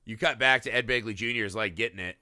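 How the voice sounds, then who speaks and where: Man, podcast co-host, casual film talk, profane, animated, dry close sound. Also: on the low side, quick pace, no room sound. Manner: profane, animated retelling of scenes.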